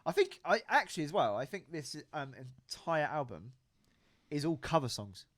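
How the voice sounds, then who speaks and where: An easygoing British man co-hosts a podcast, gushing about albums in relaxed, slangy chat. His voice sits a little high and moves around a lot. The mic is close and dry. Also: moderate pace, dry recording. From Britain. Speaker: podcast co-host. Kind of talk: casual chat.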